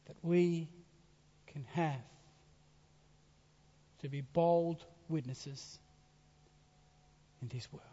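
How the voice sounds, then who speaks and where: A man with a high-pitched voice delivers a sermon, swelling to loud emphasis and then dropping to near-whispers. The sound is dull and muffled, carried by a long hall reverb. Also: drawn-out words, long pauses. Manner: dramatic swings from loud to hushed whispers. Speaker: preacher.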